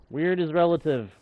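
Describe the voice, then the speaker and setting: A man's voice: a little high, phone-quality sound, noisy background. A man hosting a live game stream, chatting casually and jokingly with viewers and the game. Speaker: streamer and channel host.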